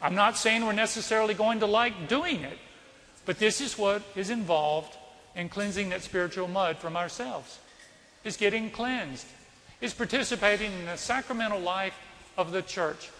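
A priest preaching to his congregation in a high, bright voice. He tells a personal story and asks his listeners questions. The sound has the long ring of a church hall. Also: moderate pace, a little hiss or hum.

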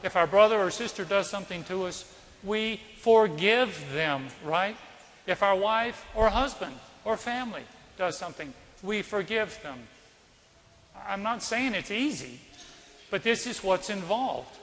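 A priest preaching to his congregation in a high, bright voice. He tells a personal story and asks his listeners questions. The sound has the long ring of a church hall. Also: animated, unhurried, a little hiss or hum.

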